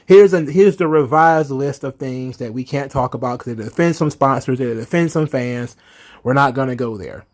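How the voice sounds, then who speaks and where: A man voicing an evasive corporate male wrestling boss, flat, placating and mock-formal. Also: mid-range voice, normal speed, pitched below the performer's own voice, close to an everyday voice.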